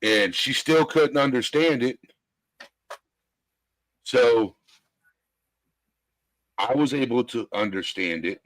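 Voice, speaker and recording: A man's voice: on the low side, no echo, low-quality recording. A man from the American South, a guest on a casual livestream chat, who laughs often while telling stories. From Southern United States.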